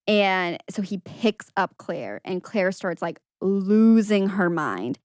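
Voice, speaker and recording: A young woman co-hosts a casual podcast, retelling a film scene by scene. She slips into high, animated voices when quoting characters and laughs often. The sound is dry and close to the mic. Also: a little slow, dry recording. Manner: animated storytelling with high-pitched quoted voices and frequent laughs. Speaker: podcast co-host. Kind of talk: casual movie recap chat.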